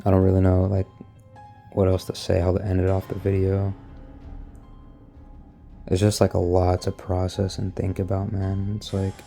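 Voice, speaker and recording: Young man, very low flat voice, gravelly, mellow, rambling casual retelling, faint music behind. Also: moderate pace, long pauses. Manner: loose and rambling, heavy on filler words. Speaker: vlogger recounting an experience.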